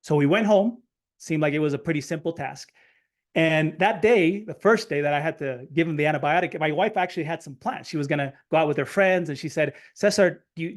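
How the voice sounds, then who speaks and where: A middle-aged man telling a personal story in a webinar talk, animated, acting out quotes with stammered restarts. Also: on the high side. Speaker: webinar speaker.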